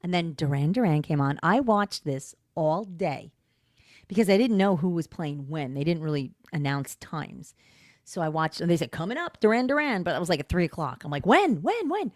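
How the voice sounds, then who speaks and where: A woman in her fifties co-hosting a podcast in casual chat, animated and swearing freely. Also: deep voice, normal speed, no room sound, clean studio sound. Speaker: podcast co-host.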